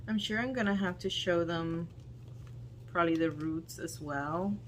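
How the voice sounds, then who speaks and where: A woman vlogger doing casual unboxing commentary, talking in a halting, dismayed way with frequent ums. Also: lowish voice, slight background noise. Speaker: plant vlogger.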